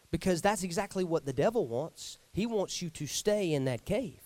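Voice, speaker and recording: Casting: lively high-pitched male pastor, dry close sound, sermon delivery. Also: normal speed, few pauses, dry recording. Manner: animated, joking asides. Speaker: preacher.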